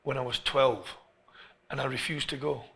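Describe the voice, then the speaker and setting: Middle-aged english guy, football coach telling his story, kinda raspy gravelly voice, keeps restarting his sentences. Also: mid-range voice, moderate pace. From England. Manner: animated, restarts phrases often. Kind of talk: storytelling interview.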